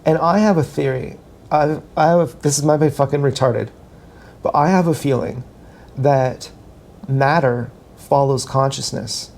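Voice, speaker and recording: Creaky, dark-voiced man rambling. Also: medium pitch, unhurried, a little hiss or hum. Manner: meandering, self-mocking, thinks aloud with many restarts; talks while dancing. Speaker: vlogger. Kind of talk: casual rambling monologue.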